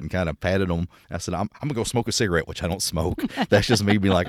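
A man's voice: sits low, fast talker, no room sound, studio quality. A man co-hosting a podcast, telling stories in a candid, joking way with crude humor and a Texan accent. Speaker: podcast co-host. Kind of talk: casual conversation.

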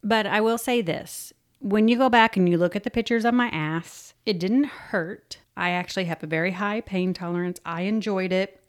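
A middle-aged woman with a voice of ordinary pitch who chats freely and giggles often. She tells her stories openly in a relaxed conversation. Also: moderate pace, few pauses. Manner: chatty and giggly, laughs often. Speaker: podcast co-host. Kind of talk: casual chat.

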